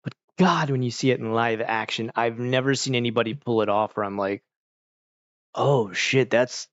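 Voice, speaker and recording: A man's voice: medium pitch, fairly quick, no echo, highs cut off. A man streaming and chatting casually with viewers, rambling, saying "like" a lot and laughing often. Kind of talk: casual chat.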